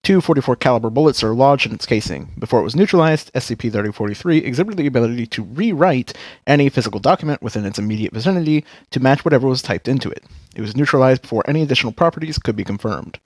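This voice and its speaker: Guy reading an article on a podcast, lots of pitch swing, dry close sound. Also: no echo. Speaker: podcast co-host. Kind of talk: reading a wiki article aloud.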